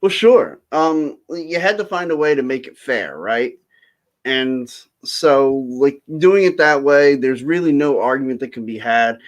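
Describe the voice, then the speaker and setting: A man's voice: medium pitch, measured pace. A man hosting a casual sports chat, easygoing and a bit hesitant, an eager football draft fan. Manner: easygoing, self-described draft geek, hesitant fillers. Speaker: host.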